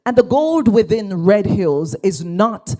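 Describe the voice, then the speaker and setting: A Jamaican woman pastor giving a lively speech at an awards ceremony in a church, drawing the audience into call and response. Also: medium pitch, slow pace. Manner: animated, engages the audience, asks for call and response. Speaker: guest speaker, pastor. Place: church hall.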